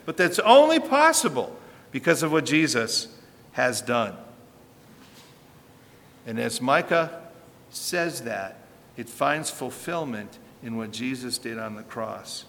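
A man's voice: mid-range voice, sing-song, slow, pauses often, a bit bright, a little hiss or hum. A man preaching a sermon as pastor, emphatic and rising and falling in force, with rhetorical questions. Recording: reverberant hall with faint ambience.

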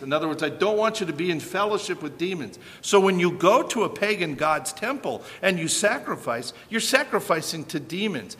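Man, preacher, sermon, bright voice, animated rhetorical questions, echoey hall. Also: sits high, fairly quick, hardly any pauses.

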